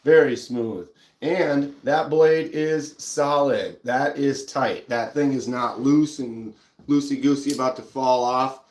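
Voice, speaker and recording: A man's voice: mid-range voice, slow pace, reverberant. A man with a Minnesotan accent, hosting a casual live stream and chatting easily while showing pocket knives. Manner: relaxed, chatty, reads out viewer comments.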